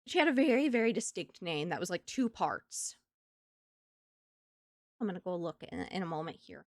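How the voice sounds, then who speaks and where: A woman streamer in casual chat from home, animated and laughing often between thoughts. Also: on the low side, moderate pace, no echo, clean studio sound. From United States.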